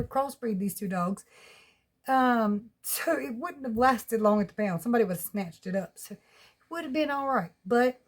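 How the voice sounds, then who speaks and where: A woman's voice: fairly high pitch, a little mellow. Chatty Southern woman vlogging at home. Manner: rambling, folksy, laughs often. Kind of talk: casual home vlog chat. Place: at home with pets.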